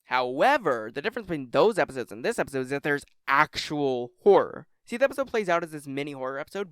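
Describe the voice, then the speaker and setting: A man's voice: mid-range voice, fairly bright tone, smooth, no echo, clean studio sound. A young man hosting a casual countdown video, rambling and jokey, swearing now and then. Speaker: YouTube list host.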